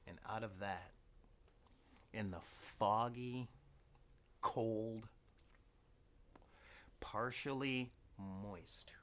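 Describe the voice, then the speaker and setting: Slow-talking man with a wry drawl. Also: mid-range voice, pushed and bright. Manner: wry, dramatic, sighing asides. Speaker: host. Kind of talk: casual rambling monologue.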